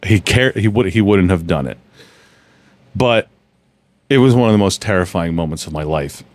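A man hosting a podcast, casually telling long personal stories in a relaxed, rambling way. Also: moderate pace, no echo. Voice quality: low, relaxed storytelling with frequent restarts. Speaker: podcast host. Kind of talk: casual storytelling chat.

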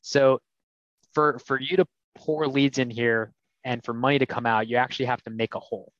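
A man's voice: mid-range voice, steady tone, moderate pace, no echo. A man co-hosting a casual podcast, candidly explaining and retelling his conversations. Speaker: podcast co-host. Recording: dull, dry sound.

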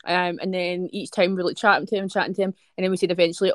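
A woman's voice: on the low side, fairly even intonation, very fast, hardly any pauses, dry recording. A young Scottish woman co-hosting a podcast, telling blunt, profanity-laden stories in casual chat. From Scotland. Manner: sweary, blunt storyteller. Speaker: podcast co-host.

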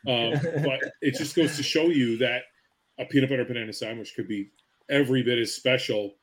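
Male podcast co-host, sincere, halting with repeats, medium pitch. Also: fairly even intonation, fairly bright tone, poor audio. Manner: earnest, repeats words as he thinks. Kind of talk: casual chat.

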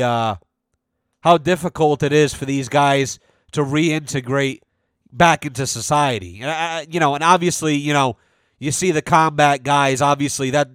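A man's voice: on the high side, clear, resonant tone, no room sound. An American man hosting a podcast alone, rambling in a loose, profane, jokey way and sounding tired. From United States. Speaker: podcast host. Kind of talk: casual solo podcast rant.

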